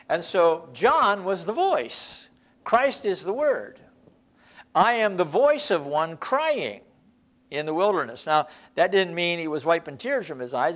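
A church Bible teacher speaking in a relaxed, folksy manner, circling back over phrases as the thought takes shape. The pitch sits in an ordinary middle range. It sounds like a lesson given to a small group in a church. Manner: conversational, repeats and restarts phrases, folksy asides.

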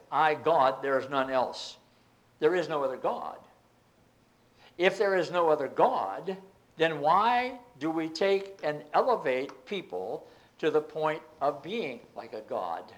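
A man preaching a Bible teaching, reading scripture aloud and explaining it with emphatic outbursts. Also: on the high side.

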